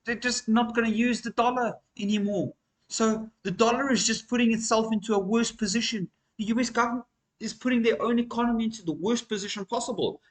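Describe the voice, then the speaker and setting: A man's voice: medium pitch, bright, forceful tone, rough recording. A man hosting a crypto channel, talking through market news and charts in a casual, emphatic vlog style and calling his viewers "guys".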